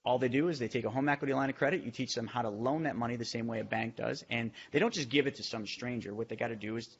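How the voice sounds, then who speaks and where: A man on a podcast explaining money and real estate with quick, energetic talk and side tangents. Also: medium pitch, vocal fry, husky, dull audio. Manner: fast, energetic explaining with asides. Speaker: real estate investor and teacher. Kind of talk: podcast discussion.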